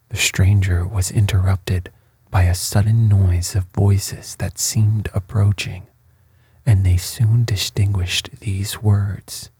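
Soft, breathy male bedtime-story narrator. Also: sits low, no room sound. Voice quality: hushed, breathy. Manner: slow, soft, even reading.

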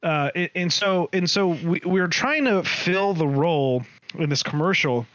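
Man, podcast host, casual storyteller, animated, self-correcting, higher voice, dry, slightly dull sound. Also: measured pace, no echo.

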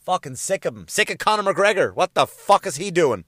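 A man doing a profane comic rant, swearing constantly and mimicking people in quick bits. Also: sits high, very animated, fairly bright tone, no echo, studio quality. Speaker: comedian.

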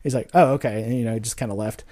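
A man in casual chat, telling ghost stories in a relaxed way with many fillers. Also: fairly low pitch, very fast. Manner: relaxed storytelling with frequent fillers.

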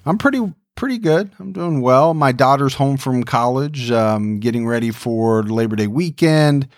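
A man's voice: medium pitch, lively intonation, moderate pace, no room sound. A middle-aged man co-hosting a podcast, friendly and chatty in a mid-range voice. The sound is close and dry. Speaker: podcast co-host. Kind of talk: casual podcast chat.

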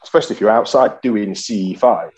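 A man co-hosting a casual podcast chat, jokey and animated. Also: fairly low pitch, fast talker, low-quality recording.

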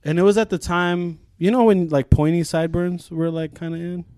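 A young podcast co-host with a high, brisk, smooth voice tells a story in casual chat, swearing a lot. He's animated and profane, acting out what people said in raised voices. The recording is dry and studio quality.

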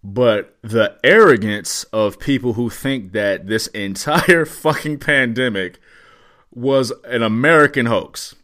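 A man co-hosting a podcast in casual chat, ranting in a profane, excitable way. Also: medium pitch, slow. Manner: profane, excitable, riffing rants. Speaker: podcast co-host.

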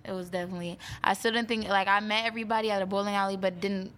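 A woman's voice: medium pitch, fairly even intonation, rapid-fire, a bit bright. A woman guest from a reality show, answering interview questions in a chatty way full of fillers. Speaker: reality show cast member.

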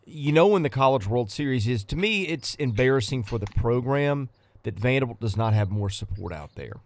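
A man's voice: medium pitch, expressive, normal speed, no echo. A man hosting a podcast, asking direct, pointed questions in casual chat. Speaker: podcast host.

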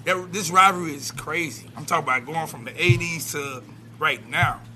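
A man's voice: fairly high pitch, moderate pace, sharp tone, a little hiss or hum. A man co-hosting casual sports talk, telling a story with laughter and stumbling repeats.

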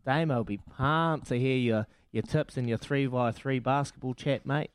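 A man's voice: mid-range voice, moderate pace, clean tone, dry recording. A man with a New Zealand accent co-hosting breakfast radio in casual, upbeat chat. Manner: chatty, upbeat, friendly. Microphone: studio mic.

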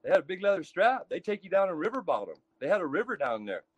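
High-voiced profane man telling prison stories. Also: fast, a crowd in the background. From Texas. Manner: profane, animated storyteller acting out other inmates. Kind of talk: casual storytelling.

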